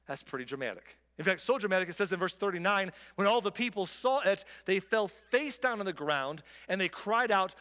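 A man preaching a sermon, telling the story with animated energy and acting out the people he quotes. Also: fairly quick, few pauses, long reverb tail. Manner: animated storytelling, voices quoted figures with rising pitch. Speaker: pastor.

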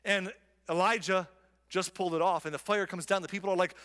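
Male pastor, high-pitched and lively, retelling scripture in a reverberant church hall. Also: fairly quick. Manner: animated storytelling, voices quoted figures with rising pitch. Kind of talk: sermon.

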